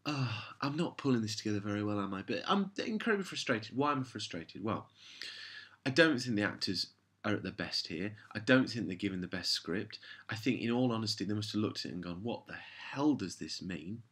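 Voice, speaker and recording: Exasperated husky-voiced man reviewing. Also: lowish voice, expressive, fairly quick, a bit bright. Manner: exasperated, rambling, sarcastic. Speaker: show reviewer. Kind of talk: casual review monologue.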